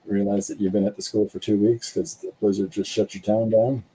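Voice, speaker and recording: A man with a deep voice and a scratch in it, co-hosting a casual chat while drawing. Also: little pitch movement, brisk, mellow, low-quality recording. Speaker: podcast co-host.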